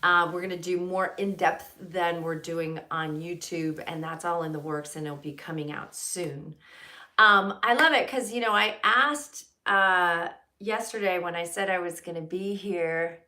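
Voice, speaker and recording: Unhurried bright-voiced woman chatting live. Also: lowish voice, steady tone. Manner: chatty, greets viewers by name, many fillers. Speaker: host of a live stream. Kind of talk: casual live-stream chat.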